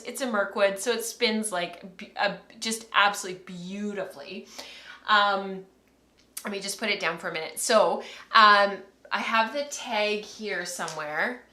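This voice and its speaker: A woman's voice: medium pitch, measured pace, bright, forceful tone, roomy sound. A woman in her thirties hosting a casual livestream from home, chatty and rambling, laughing often as she talks to camera. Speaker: podcast host.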